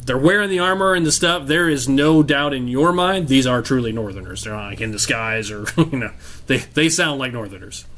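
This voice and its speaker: Male game master narrating a tabletop session, easygoing and descriptive, mid pitch. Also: brisk, a little hiss or hum. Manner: descriptive, relaxed, many fillers.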